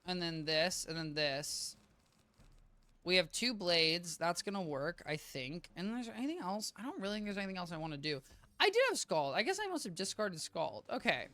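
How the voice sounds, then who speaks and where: A man streaming a game, chatting casually with viewers in a rambling, self-interrupting way, a little tired and low on energy. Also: very animated, moderate pace, sharp tone. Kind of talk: casual live-stream gameplay chat. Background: game music.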